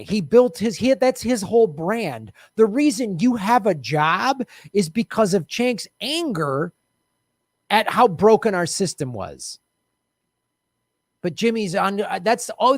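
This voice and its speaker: A man's voice: high-pitched, dry recording, studio quality. Angry man ranting. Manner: angry, frustrated, sarcastic mocking voices. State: raised voice. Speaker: political commentator. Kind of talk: ranting monologue.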